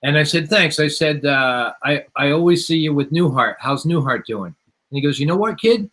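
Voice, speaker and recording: A man hosting a podcast, chatting casually and telling a story with many halting restarts. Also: fairly high pitch, fairly bright tone, rough recording. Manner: halting, repeats words as he starts sentences. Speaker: podcast host, former waiter. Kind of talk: casual interview chat.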